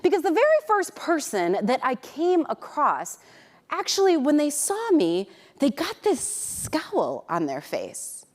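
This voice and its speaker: A middle-aged woman telling a personal story as a keynote speaker, animated and acting out the voices of people in it. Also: high voice, measured pace. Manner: animated, acts out quoted voices. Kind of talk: storytelling talk to an audience.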